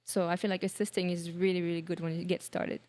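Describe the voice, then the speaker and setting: A woman from France with a French accent, a guest on a podcast, talking in a relaxed, reflective way with frequent fillers. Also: on the low side, fast talker. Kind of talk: casual interview chat.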